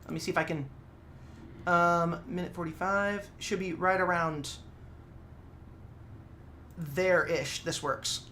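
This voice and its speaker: A woman from Nevada chatting casually on a stream while drawing, rambling and swearing in quick asides. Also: on the low side, fairly even intonation, fairly bright tone, a little hiss or hum.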